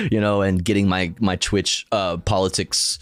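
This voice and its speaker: A man's voice: on the low side, huge pitch swings, takes it slowly, no echo. A man streaming live, reacting to donations with profane jokes and frequent laughter. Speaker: livestreamer. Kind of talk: casual stream commentary.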